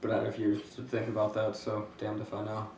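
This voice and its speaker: Flat-voiced young guy musing hesitantly. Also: fairly low pitch, brisk, very echoey, distant mic, a little hiss or hum, low-quality recording. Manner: hesitant, casual, swears, many "like" fillers. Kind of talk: interview answer.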